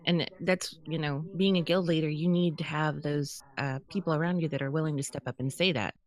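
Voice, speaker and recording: Brief: woman with a very low voice, relaxed podcast co-host. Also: fairly quick. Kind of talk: casual podcast chat.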